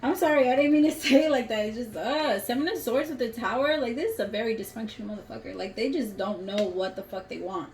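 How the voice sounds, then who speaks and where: A woman's voice: fairly high pitch, quick pace, few pauses, a little mellow. A woman giving a casual tarot reading to camera, talking bluntly and emphatically and swearing freely. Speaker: tarot reader.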